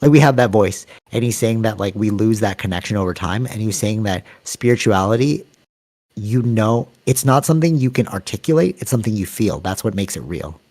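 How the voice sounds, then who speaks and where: A man with a lowish voice talks through ideas in a relaxed podcast chat. He rambles and circles back, acting out little quotes as he goes. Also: fairly quick. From Canada. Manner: rambling, animated storytelling with acted-out quotes. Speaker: podcast co-host. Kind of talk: casual chat.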